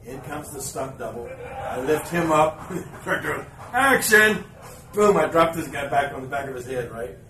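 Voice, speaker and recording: A man hosting a podcast in front of live fans, telling an anecdote in an animated way and chuckling as he acts out the scenes. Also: medium pitch, moderate pace. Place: live event room with an audience. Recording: roomy, distant live recording with ambient noise.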